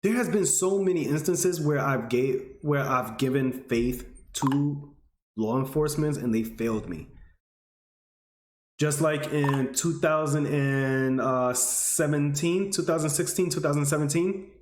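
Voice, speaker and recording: A man's voice: unhurried, roomy sound, a little hiss or hum. A man in his twenties, telling a personal story to his audience in an earnest, emotional way. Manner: earnest, emotional, rising pitch when stirred. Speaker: vlogger.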